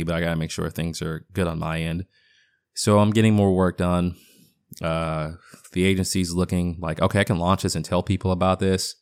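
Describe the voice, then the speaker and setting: This podcast host, a man in his thirties with a partial Boston accent, speaks in a low-pitched voice from his home basement. His casual solo update wanders, with fillers and restarts, and the sound is clean and echo-free, like a studio.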